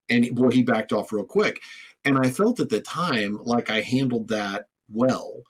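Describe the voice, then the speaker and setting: A man's voice: medium pitch, moderate pace, breathy edge, low-quality recording. A man hosting a podcast interview, telling stories in a rambling way with frequent restarts and repeated words. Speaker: podcast host. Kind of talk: conversational interview.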